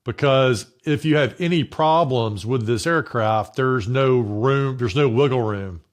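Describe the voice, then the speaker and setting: A man's voice: mid-range voice, a little slow. A man hosting a podcast interview, asking curious, prompting questions. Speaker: podcast host.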